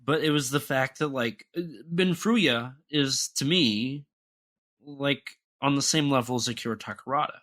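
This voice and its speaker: A man's voice: medium pitch, unhurried, a bit bright. A young man co-hosting a podcast, talking in a casual, rambling way with many restarts and fillers. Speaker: podcast co-host.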